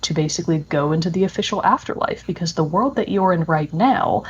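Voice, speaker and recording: A woman co-hosts a casual podcast and gushes about a game she loves. Her voice sits a little low and has a faint husk. The recording sounds somewhat dull and lo-fi. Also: fast talker, breathy edge. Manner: chatty, enthusiastic, many fillers. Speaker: podcast co-host. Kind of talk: casual chat about video games. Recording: dull lo-fi audio.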